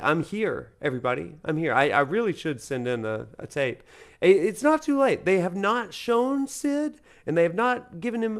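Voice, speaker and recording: Brief: man from Alabama, game streamer and professor, rambling casual chat with viewers, mid-pitched voice. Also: a bit bright. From Alabama, USA. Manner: rambling and chatty, answers chat with frequent fillers.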